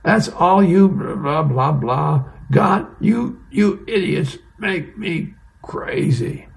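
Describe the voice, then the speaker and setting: A man voicing a cranky male army sergeant who yells at his soldiers in exasperation. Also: fairly high pitch, lively intonation, takes it slowly, creaky, pitched above the performer's own voice, heavily acted. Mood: angry. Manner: yelling, exasperated.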